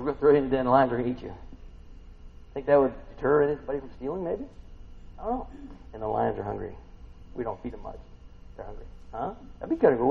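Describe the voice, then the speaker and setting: A man preaching a casual sermon, retelling a scripture story and asking the listeners questions, swinging between loud and soft. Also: on the high side, highs cut off.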